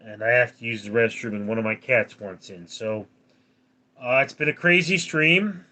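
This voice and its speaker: A tired, yawning man hosting a casual livestream, talking in a drowsy, halting way and greeting viewers by name. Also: sharp tone. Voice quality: drowsy, low-key. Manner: slow, halting, reads out viewer names. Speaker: livestream host.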